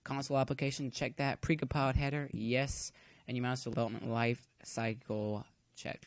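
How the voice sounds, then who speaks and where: A man's voice: medium pitch, little pitch movement, normal speed, few pauses, no room sound. A man giving a casual coding tutorial at home, chatty and rambling, filling the waits with corny jokes. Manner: chatty, cracks corny jokes while waiting. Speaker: tutorial maker.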